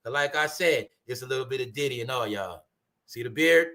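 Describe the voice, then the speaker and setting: A man hosting his own commentary channel, ranting in a loud, mocking, repetitive way with slang. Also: medium pitch, a little fast.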